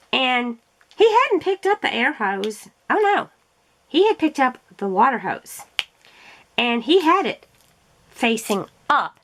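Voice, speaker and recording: Chatty woman with a higher voice. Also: a bit bright. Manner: chatty, laughs often, storytelling. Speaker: craft vlogger. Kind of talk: casual chat while crafting.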